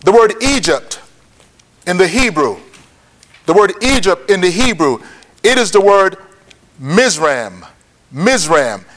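Man, high voice, Bible teaching, repeats points slowly, checks listeners. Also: animated, a bit bright. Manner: repeats key points slowly for note-taking. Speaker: preacher.

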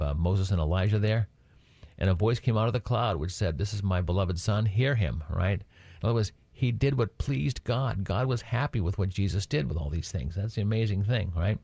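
A man's voice: deep voice, warm tone, no echo. A man giving a conversational Bible lesson, often checking in with his listeners by asking "right?". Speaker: Bible teacher.

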